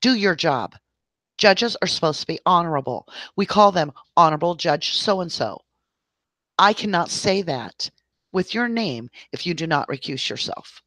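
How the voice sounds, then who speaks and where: A woman's voice: on the low side, lively intonation, normal speed, fairly bright tone, dry recording. A woman hosting a livestream, ranting at length in an exasperated voice and talking straight to her viewers. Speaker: livestream host.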